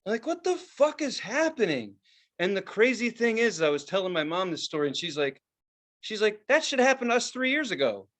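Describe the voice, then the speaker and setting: A man co-hosting a podcast, telling stories in casual comedic chat, profane and full of quick impressions of other people. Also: high-pitched, big pitch swings, fairly bright tone. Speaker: podcast co-host.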